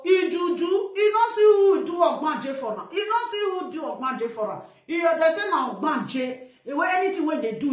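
A woman with a Nigerian Pidgin accent, scolding and insulting someone in a heated live-video rant full of loud exclamations. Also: high-pitched. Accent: Nigerian Pidgin English. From Edo, Nigeria. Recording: echoey room.

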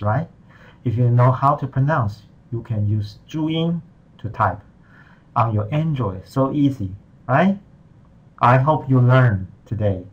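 A man's voice: mid-range voice, unhurried, slightly rough, lo-fi sound. A man teaching Mandarin in a patient, step-by-step tutorial, walking through the screen in simple, non-native English. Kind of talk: screen-recorded tutorial lesson.

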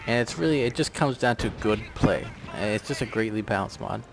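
A man's voice: on the low side, a little fast, gravelly, noisy background. A man giving rambling, sarcastic casual commentary on a strategy game, swearing offhandedly. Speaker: gameplay commentator.

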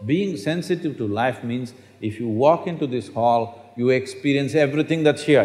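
A man's voice: mid-range voice, moderate pace, a little mellow. A man speaking as a spiritual teacher to a live audience in a large hall, emphatic and often asking the audience questions. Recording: echoey hall.

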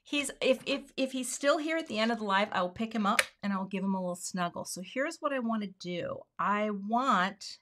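A woman's voice: medium pitch, lively intonation, normal speed, few pauses, fairly bright tone. A woman hosting a casual live craft demo, talking herself through each step and murmuring asides under her breath. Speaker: card-making host.

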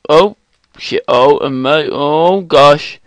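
Young male gamer, excitable and foul-mouthed, slightly high voice, unhurried delivery. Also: no room sound. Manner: excitable, swears and exclaims often. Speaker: gaming channel host. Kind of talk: let's play commentary.

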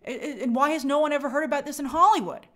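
A woman's voice: sits high, very fast. Emphatic woman hosting a live chat. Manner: emphatic and animated, reads out viewer comments. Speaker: live-stream host.

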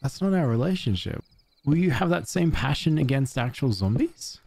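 A man giving casual, excitable commentary while playing a game, with panicky outbursts and self-mocking asides. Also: mid-range voice, moderate pace, vocal fry, slightly rough, no echo. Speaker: gaming let's-play host.

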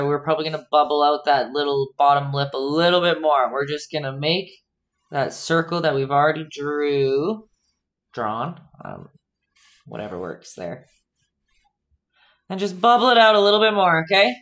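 A young woman livestreams a painting lesson, talking casually with chat viewers as she works. She has a low, expressive voice and speaks at normal speed.

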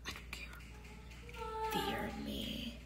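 A woman voicing a rude, menacing zombie bunny who mutters insults quietly. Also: extremely slow, whispered, faint music behind.

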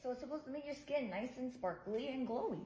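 A woman's voice: sits high, lively intonation, fast talker. A woman in a comedy clip talking like a beauty influencer, breezy in tone. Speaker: wife filming a beauty video. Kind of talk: comedy sketch. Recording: echoey room with crowd noise.

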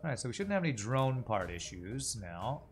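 A man's voice: mid-range voice, big pitch swings, normal speed, soft background music. Chatty man rambling over his game. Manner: chatty, rambling, thinks aloud with jokes. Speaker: streamer. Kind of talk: casual gameplay commentary.

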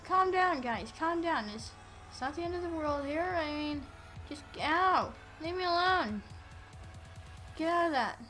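A high, bright-voiced woman talks through a video game in an unhurried drawl that bursts into excited yells. Faint music plays underneath. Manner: excitable, yelling at enemies, playful. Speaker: gameplay commentator. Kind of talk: casual let's-play commentary.

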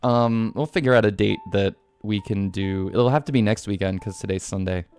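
A man's voice: lowish voice, normal speed, darkish tone. Rambling, foul-mouthed male streamer. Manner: rambling, swears often, laughs easily. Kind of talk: live game stream chat.

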